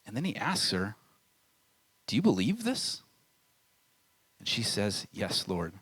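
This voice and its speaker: A man's voice: fairly low pitch, wildly swooping pitch, takes it slowly, a bit bright, breathy edge, no echo, low-quality recording. A man in his thirties giving a camp sermon, telling the story casually and acting out the people he quotes. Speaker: camp speaker.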